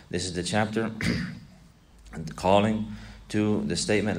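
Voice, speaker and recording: In a classroom lesson explaining an Islamic text, a man recites Arabic, repeats his points and poses questions to the students. He has a low, steady voice, a moderate pace and long pauses.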